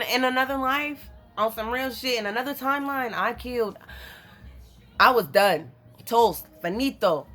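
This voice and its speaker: Profane, animated woman. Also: on the high side. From North Carolina. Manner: animated, profane, addresses viewers as y'all. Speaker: vlogger. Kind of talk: casual storytelling to camera.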